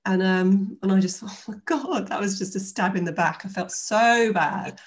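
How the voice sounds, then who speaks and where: A woman in her fifties, a guest telling her story in a relaxed interview, animated and full of fillers. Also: medium pitch, normal speed. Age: 50s. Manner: chatty, animated retelling with filler words.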